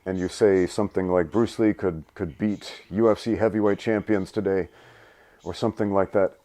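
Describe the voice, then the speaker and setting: A man's voice: low-pitched, steady tone, moderate pace, mellow. A man with a hybrid British and American accent, talking earnestly as a podcast guest. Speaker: guest, martial artist. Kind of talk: podcast discussion.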